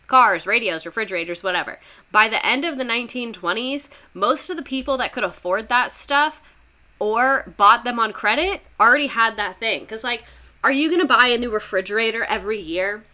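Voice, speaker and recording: A woman's voice: fairly high pitch, brisk, bright, forceful tone. A woman with a Missouri accent, a former teacher, giving a casual, profane history lesson and chatting with viewers. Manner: profane, chatty, with asides to the chat.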